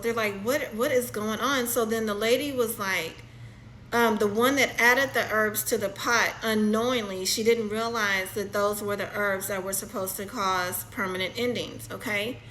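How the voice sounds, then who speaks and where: A woman giving a channeled spiritual reading, halting and repeating herself as she describes what she sees, often checking in with "okay?". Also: a little high, fairly bright tone, slight background noise, poor audio. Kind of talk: channeled reading, narrating a vision.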